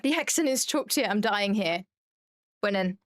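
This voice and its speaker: A woman's voice: mid-range voice, expressive, moderate pace, a bit bright, no room sound, clean studio sound. A young German woman streaming a game, chatting casually and joking at her own expense as she reads viewer comments. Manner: chatty and self-mocking, reads chat aloud. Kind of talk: casual chat while gaming.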